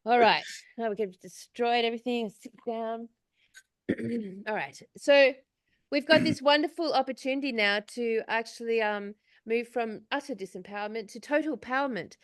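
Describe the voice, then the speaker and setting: A woman's voice: fairly high pitch, moderate pace, no echo, clean studio sound. A middle-aged woman co-hosting a casual spiritual chat, rambling with many fillers and swearing freely. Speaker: podcast co-host.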